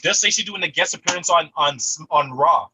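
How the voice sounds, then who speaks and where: A man co-hosting a casual podcast, chiming in with quick, playful remarks. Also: a little high, pushed and bright, a little hiss or hum, rough recording. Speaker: podcast co-host. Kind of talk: casual chat.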